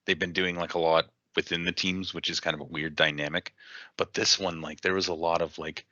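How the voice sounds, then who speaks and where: A man's voice: low-pitched, level tone, fairly quick, sharp tone, dry recording. A man co-hosting a podcast in easygoing casual chat. He agrees readily and chuckles along. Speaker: podcast co-host. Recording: dull lo-fi sound.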